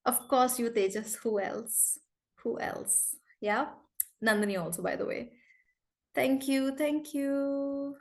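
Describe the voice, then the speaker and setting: Female online English teacher, fairly high voice, chatty, apologetic, unwell. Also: takes it slowly, darkish tone. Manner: chatty, apologetic, repeats phrases. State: unwell, feverish. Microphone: video call.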